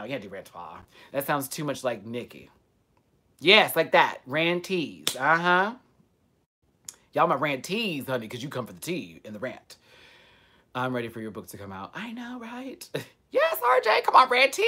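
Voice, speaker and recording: A man hosting a live stream, chatting casually and answering viewer comments with a sassy, playful manner. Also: fairly high pitch. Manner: sassy, playful and animated, with frequent laughs.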